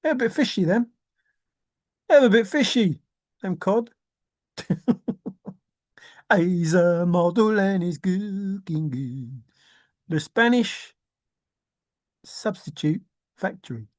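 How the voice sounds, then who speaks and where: A woman's voice: mid-range voice, expressive, takes it slowly, long pauses, darkish tone, no room sound. An older woman rambling to herself in a musing monologue, repeating words in a singsong way and humming. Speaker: treasure hunt vlogger.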